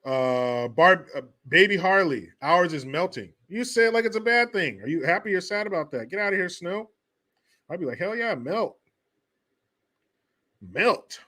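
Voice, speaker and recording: A man's voice: high-pitched, expressive, normal speed, pushed and bright. Profane joking man chatting on a livestream. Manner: profane, joking, reads chat aloud. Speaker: host. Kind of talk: casual livestream chat.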